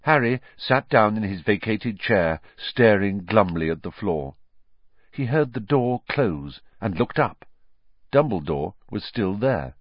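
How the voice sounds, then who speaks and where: A man narrating a story audiobook with expressive, varied reading. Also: lowish voice, takes it slowly, no echo. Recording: dry, slightly dull lo-fi audio.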